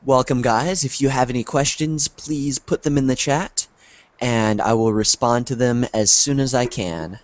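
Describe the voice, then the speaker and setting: Slow-talking male English teacher. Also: medium pitch, dry recording. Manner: slow, friendly, checks in with "right?". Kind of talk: online class conversation. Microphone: video call.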